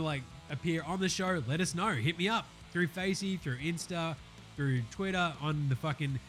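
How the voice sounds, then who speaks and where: An Australian-accented man hosts a basketball podcast, his fairly high voice a bit bright. The chat is casual, laid-back, and slangy, and he swears freely.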